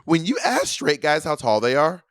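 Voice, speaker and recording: A young man co-hosting a podcast, telling a story in a sassy, animated way and acting out what people said. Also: a little high, moderate pace, clean tone, no echo, studio quality. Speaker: podcast co-host. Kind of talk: casual chat.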